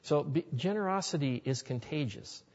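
A man's voice: on the high side, lively intonation, moderate pace, darkish tone. A man speaker telling personal stories in an earnest, folksy way during a sermon to a live audience. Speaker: Christian speaker. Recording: dull lo-fi recording in a reverberant hall.

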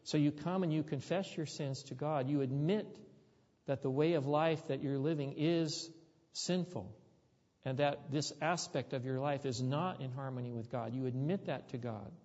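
A man's voice: medium pitch, moderate pace, darkish tone, in a large hall, lo-fi sound. A man preaching a sermon, telling a story in a conversational way that rises to emphatic peaks.

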